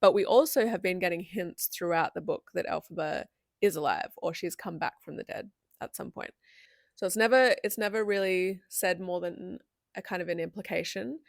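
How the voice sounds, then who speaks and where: A woman's voice: on the low side, no echo, studio quality. A young adult woman giving a chatty, candid video essay with frequent asides.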